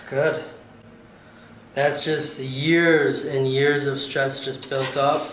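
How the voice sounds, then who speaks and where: A chiropractor talking patients through adjustments with calm, soothing instructions. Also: male voice, mid-range voice, very slow. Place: treatment room, indoors. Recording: roomy room with background hiss.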